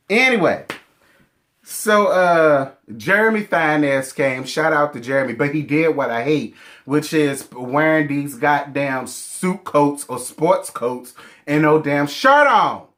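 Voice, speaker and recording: A man in his thirties with a sassy, animated manner and heavy slang, reviewing a reality show in casual chat. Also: on the high side, slow.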